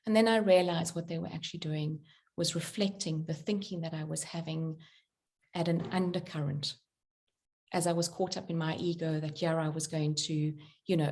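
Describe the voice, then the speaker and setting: A middle-aged woman, a spiritual author and workshop leader, talking about belief and telling a personal story in an animated way, acting out quotes with many fillers. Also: low-pitched. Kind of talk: conversational talk with personal story.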